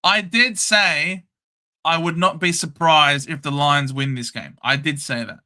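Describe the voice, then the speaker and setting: A young Australian man runs a casual live watchalong, calling each passage of play with blunt, excitable chatter. His voice is slightly high and very bright and sharp, sitting forward and tense. He jumps between play-by-play and offhand opinion like a regular host of his own show. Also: unhurried. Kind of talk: casual live match commentary.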